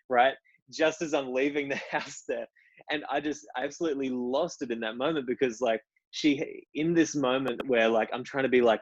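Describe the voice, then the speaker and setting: A man's voice: medium pitch, moderate pace, dry recording, lo-fi sound. A man hosting an online meetup, talking casually and rambling with many restarts. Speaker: host of a stoicism meetup. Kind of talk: casual talk to a group. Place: indoor room at home.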